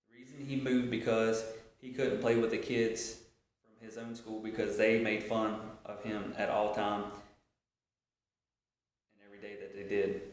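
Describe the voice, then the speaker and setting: Guy retelling a speech story, slow and kinda halting, lots of echo, webcam sound. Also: on the low side. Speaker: speaker reciting a speech. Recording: very echoey room.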